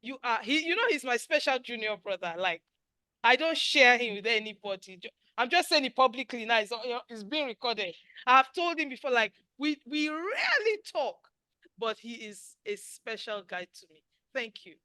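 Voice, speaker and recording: A woman's voice: on the high side, animated, normal speed, pushed and bright, dry recording, poor audio. A woman in her sixties hosting a webinar, giving an emphatic motivational talk over a video call. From Nigeria. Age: 60s. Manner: preachy, emphatic, drops to near whisper at times. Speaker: webinar host and life coach.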